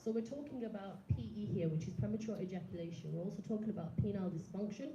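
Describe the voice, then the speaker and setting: A woman's voice: medium pitch, quick pace, dark tone. A woman in her thirties giving a public talk, speaking earnestly and directly, putting questions to the audience. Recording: echoey room, slightly dull sound.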